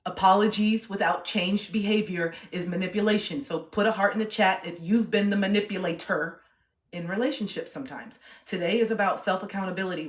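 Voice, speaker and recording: A woman's voice: lowish voice, reverberant. A woman giving relationship advice on a livestream, talking emphatically and repeating her points. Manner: emphatic, repetitive, acts out quoted voices.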